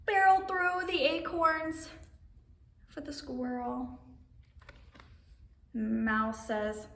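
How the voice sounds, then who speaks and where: At a children's story time, a female host reads aloud and shows simple signs, sounding cheerful and sing-song and treating the kids as friends. She speaks slowly in a high, slightly bright voice, recorded from a distance with roomy echo and faint background noise.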